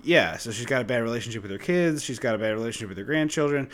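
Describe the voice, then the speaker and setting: A man co-hosting a podcast in casual chat, who gets fired up and swears loudly. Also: expressive, very fast. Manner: swears and rants loudly, pitch jumping when worked up. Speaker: podcast co-host.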